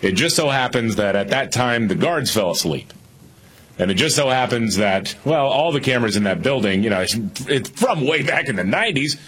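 A man's voice: medium pitch, sing-song, normal speed, fairly bright tone, slightly rough. A man co-hosting a talk radio show, counting down news headlines with wry asides and laughter. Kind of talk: casual political talk radio banter.

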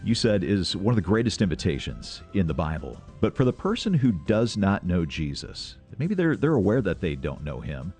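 A man's voice: low-pitched, sing-song, moderate pace, hardly any pauses, a little mellow, faint music behind. A male host introducing a radio ministry program in a friendly, conversational way.

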